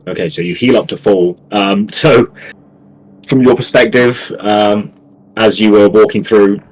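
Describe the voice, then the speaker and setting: A man's voice: on the low side, fairly even intonation, measured pace, low-quality recording. A man narrating a tabletop game as game master, easygoing with frequent ums.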